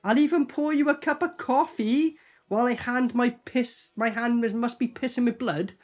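A man's voice: very high-pitched, moderate pace, faint music behind. A man with a British accent casually reacting to a horror film, swearing and laughing. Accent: British English. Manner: animated, swearing, laughing, repeats film lines. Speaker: movie reaction host.

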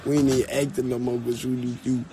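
A man's voice: medium pitch, little pitch movement, fast talker, noisy background. A young man complaining and swearing in a playful home skit. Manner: whiny, complaining, swears a lot.

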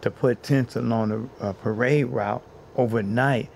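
A man's voice: mid-range voice, steady tone, a little slow, vocal fry, darkish tone, slight background noise. A man being interviewed as a housing activist, telling his story in an earnest way and building his points by repeating phrases.

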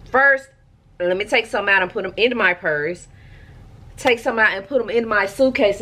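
A woman, chatting to her viewers in a lively way. She records from home at a middle pitch. Faint household ambience sits behind her. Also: a little hiss or hum. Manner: animated, talks straight to viewers. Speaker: vlogger. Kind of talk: casual chat to camera. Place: at home, indoors.

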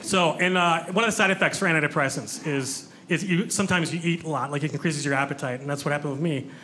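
Stand-up comic, man, high-pitched, self-deprecating crowd banter, live club audio with clear room noise. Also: fast talker. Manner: chatty, self-mocking, talks with the crowd. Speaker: stand-up comedian. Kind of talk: stand-up comedy set. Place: comedy club stage before a live audience.

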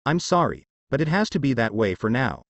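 A man's voice: medium pitch, big pitch swings, a little fast, dry recording, lo-fi sound, lightly acted. A man reading the lines of a stern young male demigod guardian who speaks curtly and commands. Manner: curt, commanding.

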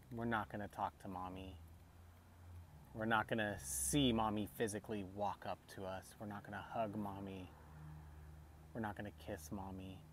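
A man in his thirties talking softly and haltingly about grief on a personal vlog, often restarting his sentences. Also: lowish voice. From United States. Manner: soft, halting, tearful speech with many restarts. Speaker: vlogger and father.

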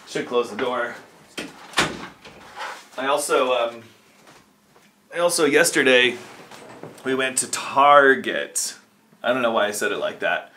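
A man casually vlogging at home, sleepy and rambling in a low-key, self-deprecating way. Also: pushed and bright, slight background noise. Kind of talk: casual vlog chat. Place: at home, indoors. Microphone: camera or phone on a stand.

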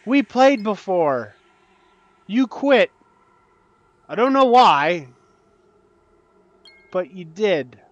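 A man casually commenting on his own gameplay, swinging between low muttering and frantic panicked outbursts. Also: sing-song, extremely slow, long pauses, dull audio. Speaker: gaming channel host.

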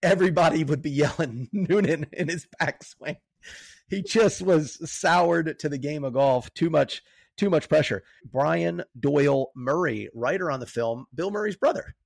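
A man with a somewhat high voice talks casually about a film as a podcast co-host. His delivery is loose and chatty, with quick bursts. The sound is dry and close, with no room echo. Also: gravelly. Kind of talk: casual movie chat.

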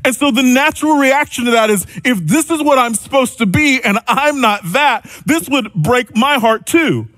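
Male pastor with a high, light voice and a dry, close sound, preaching casually and acting out quick exchanges. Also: a bit bright, no echo. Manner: conversational preaching with acted-out dialogue and asides. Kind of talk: sermon.

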